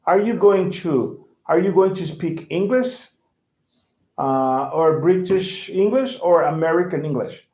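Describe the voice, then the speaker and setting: A man's voice: fairly high pitch, animated, measured pace, dark tone. A man teaching English in a casual online lesson, repeating words to model pronunciation and checking that his student understands. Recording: roomy, dull lo-fi sound.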